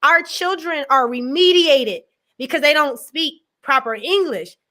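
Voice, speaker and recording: A woman speaks as a guest on a live discussion stream. Her high, bright voice carries an earnest, explanatory tone. She laughs easily between points. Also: animated, measured pace. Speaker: guest educator.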